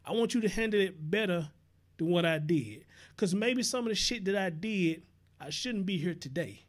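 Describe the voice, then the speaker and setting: A young man hosting a casual livestream, chatty and earnest, reading viewer comments and giving shout-outs. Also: sits high, expressive, normal speed. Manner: earnest preaching tone on serious topics. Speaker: livestream show host.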